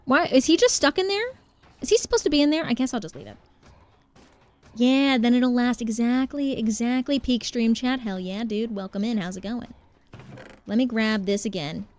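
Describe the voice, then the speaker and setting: A woman's voice: a little high, normal speed. A young woman live-streaming a game in a casual chat, thanking viewers by name and thinking aloud as she plays.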